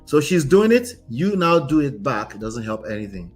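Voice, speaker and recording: A man's voice: mid-range voice, big pitch swings, moderate pace, soft background music. A man, a relationship coach commenting on a story he reads aloud, speaking emphatically and ending many points with "right?". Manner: emphatic, tags lines with "right?".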